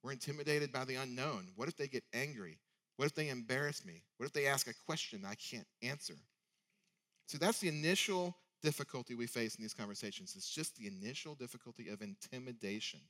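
A man's voice: medium pitch, fairly quick, pushed and bright. Conversational male preacher with rhetorical questions. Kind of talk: sermon.

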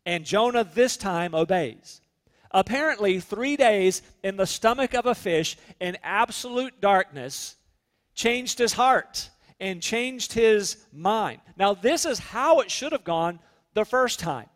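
A man preaching a sermon as pastor, earnest, slowing down to stress key points. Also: high voice, lively intonation, a bit bright, big-room sound. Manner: earnest preaching, slows for emphasis.

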